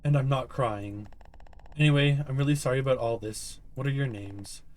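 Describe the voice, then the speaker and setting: A man voicing a timid young boy patient who talks softly and apologetically. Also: mid-range voice, normal speed, natural voice. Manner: soft, apologetic, rambling.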